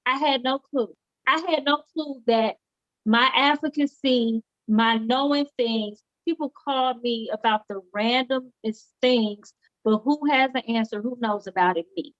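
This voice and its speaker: A woman's voice: fairly high pitch, a little slow, a bit bright, dry recording, dull audio. A woman who owns a homecare business, talking earnestly in a casual interview and repeating phrases for emphasis. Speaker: homecare business owner, guest. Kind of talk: casual live interview chat.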